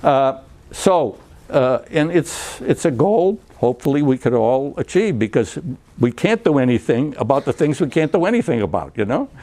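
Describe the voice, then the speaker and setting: A man's voice: mid-range voice, big pitch swings, moderate pace, dark tone. An older man giving a chatty talk, full of fillers and restarts, acting out dialogue and chuckling between points. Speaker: speaker giving a talk on recovery therapy. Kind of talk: anecdotal lecture to a group. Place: lecture room.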